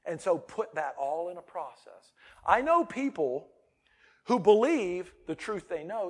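A middle-aged male pastor preaching a sermon. He swings between loud, emphatic declarations and quiet asides. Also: a little high, big pitch swings, normal speed.

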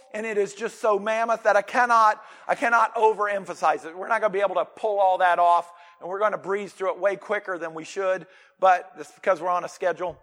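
A man with a fairly high voice preaches a sermon, leaning hard on single words and often restarting his lines. His voice rings with the long reverb of a church hall. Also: fairly bright tone. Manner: emphatic, with repeated restarts and stressed single words. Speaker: pastor.

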